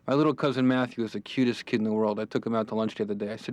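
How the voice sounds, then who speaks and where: A man's voice: on the low side, steady tone, darkish tone, no echo. Dry-miked man telling stand-up jokes. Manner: rapid joke-telling with acted-out quotes. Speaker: comedian. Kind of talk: stand-up routine within a sitcom.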